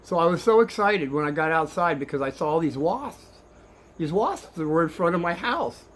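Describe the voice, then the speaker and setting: A man's voice: on the high side, moderate pace. Rambling older man telling kids a story. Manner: rambling, animated, swings between hushed and excited.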